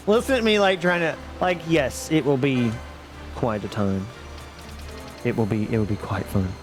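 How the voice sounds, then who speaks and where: A man with a mid-range voice talks a bit slowly as he streams a game live. Over background music, he chats casually with viewers, rambling, laughing frequently, and making self-deprecating remarks.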